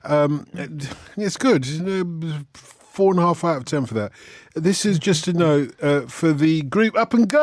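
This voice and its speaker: A man's voice: fairly high pitch, expressive, normal speed, darkish tone, dry recording, studio quality. A man hosting a late-night radio phone-in, teasing his guests and reading out listener messages. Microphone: studio microphone.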